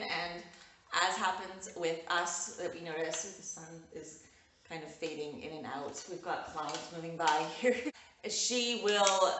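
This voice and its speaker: A young woman vlogging casually to camera from home, rambling and laughing often. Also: lowish voice. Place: indoors at home with window light. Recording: roomy echo, distant mic, faint noise.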